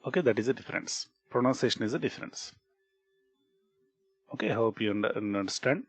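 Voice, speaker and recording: A man's voice: on the low side, brisk, husky, no room sound. A man with an Indian English accent teaching a programming tutorial, repeating key points and checking in with "okay" and "right?". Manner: explanatory, repeats points, frequent "okay" and "right?", restarts words. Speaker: programming instructor. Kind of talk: screen-recorded coding tutorial.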